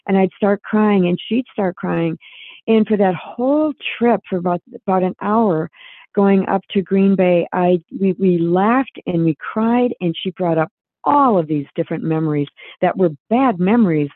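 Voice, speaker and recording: A woman's voice: medium pitch, moderate pace, dry recording. A woman guest author telling a personal story in an earnest, reflective way, with many restarts, heard over a remote call line. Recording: tinny phone-line sound.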